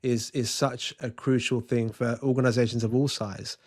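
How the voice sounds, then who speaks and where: A man's voice: mid-range voice, level tone, moderate pace. A man, a podcast guest talking earnestly and telling an anecdote, with frequent restarts. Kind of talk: conversational interview, storytelling.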